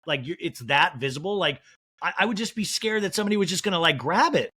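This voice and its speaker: A man hosting a podcast in casual chat, animated, swearing freely and saying "like" a lot. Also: sits high, quick pace, slightly rough. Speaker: podcast host.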